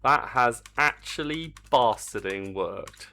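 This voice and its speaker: A man's voice: medium pitch, expressive, slow, bright, forceful tone. An older man, chatting casually on a live stream while he works on a game, reading the chat aloud and swearing mildly.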